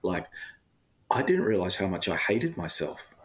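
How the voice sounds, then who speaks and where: A man's voice: sits low, big pitch swings, unhurried. A man talking candidly as a podcast guest, rambling with lots of fillers and turning emotional when he talks about himself. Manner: candid, rambling, frequent fillers, occasional laughs. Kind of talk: casual personal storytelling.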